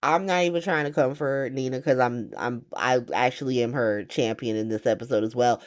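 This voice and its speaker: A woman recapping a soap opera in a casual, profane, animated way, swearing often and laughing as she goes. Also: a bass voice, brisk.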